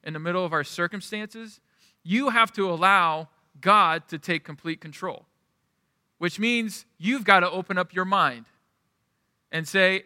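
A man's voice: high voice, measured pace, bright, forceful tone, no echo, studio quality, long reverb tail. A male pastor preaching a sermon in a conversational, storytelling way, often restarting his sentences.

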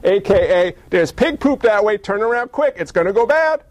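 A man preaching a sermon in a folksy, animated, conversational way, often acting out the voices of the people in his stories. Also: sits high, moderate pace, no echo.

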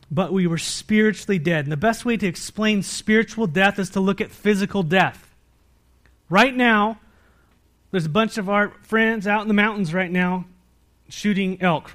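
An American man preaching a sermon from the pulpit, his voice sitting a little higher than most men's. He keeps asking the congregation questions and answering them himself. His delivery swings from loud, emphatic peaks down to quiet, low-voiced stretches. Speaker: pastor.

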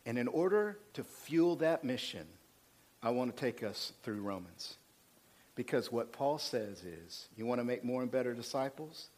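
A male pastor preaching a sermon, swinging from loud emphatic passages to quiet asides, fired up. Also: animated, normal speed. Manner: preaching with rising intensity, dropping low for asides.

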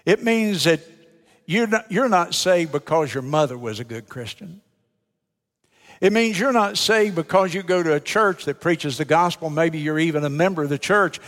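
An older man with a fairly high, slightly bright voice preaches a folksy, emphatic sermon in the style of an American Baptist preacher. He fires rhetorical questions at the congregation amid long hall reverb.

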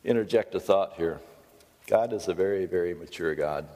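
A middle-aged American pastor giving a folksy, conversational sermon with storytelling asides. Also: male voice, low-pitched, moderate pace, mellow, long reverb tail.

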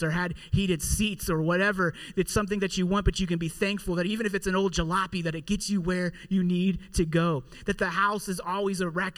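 A man in his thirties telling a casual personal story in a talk about gratitude. He is chatty, fills his speech with "like" and drops quieter for wry asides. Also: sits high. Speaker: father giving a motivational talk.

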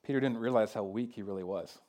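Conversational preacher, loud emphatic bursts. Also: male voice, fast talker. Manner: conversational preaching with fillers like "kinda" and "like"; swings from loud emphatic peaks to quiet low stretches. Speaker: pastor. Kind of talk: sermon.

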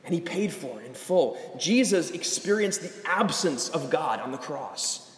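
A young adult man preaching a sermon as a pastor, animated and rising to emphatic calls. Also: a little high, normal speed. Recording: echoey hall.

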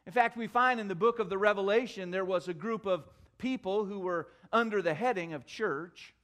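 A man with a notably high voice preaching from the pulpit. He tells a homely story, then drives his points home with emphatic repetition. Middle-aged, a pastor in full sermon mode. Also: normal speed, fairly bright tone.

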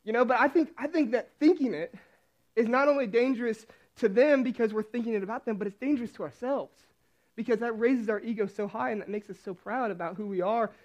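High-voiced young man preaching casually. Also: fast talker. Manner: chatty, self-deprecating storytelling with many restarts. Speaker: youth pastor. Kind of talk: casual sermon with personal story. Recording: dull lo-fi recording.

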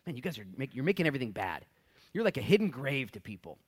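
A male pastor delivering a Bible study sermon, his pitch rising and falling in lively swings. He talks in a casual, conversational way and slips into little acted-out voices for the people he quotes. His pitch sits at an ordinary middle for a man. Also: quick pace, husky. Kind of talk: expository sermon.

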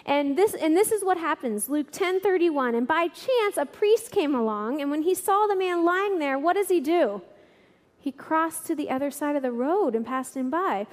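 A woman with a high voice preaches to a congregation and tells stories with animated energy. Her voice rings out with a long reverb in a large hall. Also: normal speed. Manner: animated storyteller, laughing through funny bits. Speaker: church speaker. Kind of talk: sermon with storytelling.

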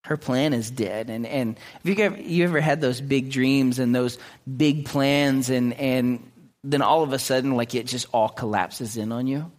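A man preaching a sermon in an earnest way, often restarting his words and clearing his throat. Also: mid-range voice, normal speed. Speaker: pastor.

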